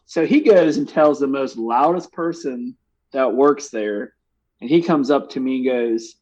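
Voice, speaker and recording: A man's voice: medium pitch, a little slow, a little mellow, highs cut off. A man co-hosting a podcast, telling a story in casual chat with frequent laughs. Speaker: podcast co-host.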